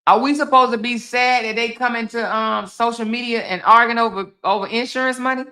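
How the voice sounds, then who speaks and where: Bright, teasing woman livestream host. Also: brisk. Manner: laughing, teasing, swearing freely, talks straight to viewers; animated, swinging between loud exclaims and low asides. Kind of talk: casual livestream commentary reading viewer comments aloud.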